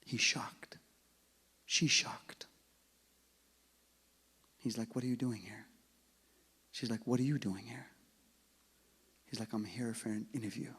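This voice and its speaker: Male speaker giving a religious talk, husky, moving from loud calls to hushed asides, in a long-reverb hall. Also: mid-range voice, fairly even intonation, moderate pace, pauses often. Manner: swings from loud calls to hushed near-whispers; acts out both sides of a story. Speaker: speaker at an Islamic center.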